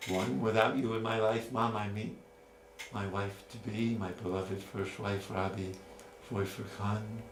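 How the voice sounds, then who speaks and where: Slow, deliberate male storyteller. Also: on the low side, fairly even intonation, a little hiss or hum. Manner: slow, deliberate, speaking directly to his mother. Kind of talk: autobiographical storytelling performance. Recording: roomy with faint ambience.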